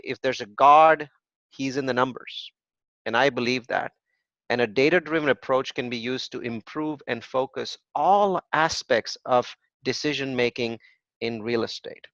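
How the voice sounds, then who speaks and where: With a mid-range, fairly bright voice, a man teaches a real estate investing workshop, presenting live with web demos. He's emphatic, answers his own rhetorical questions, and tacks "right?" onto his points; the lo-fi recording sounds dull and dry, without echo.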